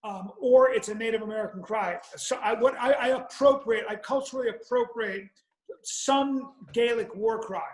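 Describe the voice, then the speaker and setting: A man's voice: very high voice, moderate pace, reverberant, rough recording. A man telling a rambling, profane comic story on a podcast, with frequent restarts. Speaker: podcast guest or co-host.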